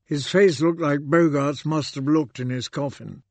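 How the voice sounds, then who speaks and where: Male audiobook narrator, calm and deliberate, slow delivery, dry close sound. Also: a little high, no room sound. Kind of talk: scripted narration.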